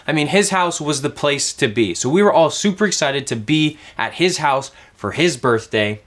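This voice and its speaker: A young man teaching a children's ministry object lesson, telling stories to kids in a lively way. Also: on the high side, moderate pace, hardly any pauses.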